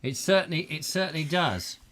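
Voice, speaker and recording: An older man hosting a comic chat show, teasing his caller with jokey, animated banter. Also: a little high, brisk. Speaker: host.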